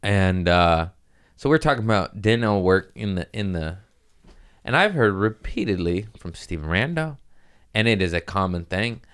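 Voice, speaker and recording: Man, very low voice, smooth and clear, rambling casual storytelling, swears a lot. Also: animated, moderate pace, fairly bright tone. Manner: rambling, profane, laughs at his own stories. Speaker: podcast host.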